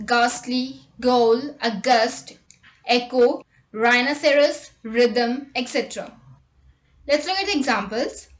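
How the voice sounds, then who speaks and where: Woman, English teacher, high voice, slow deliberate reading, roomy echo. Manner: reads example words and sentences slowly and deliberately. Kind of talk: scripted vocabulary lesson.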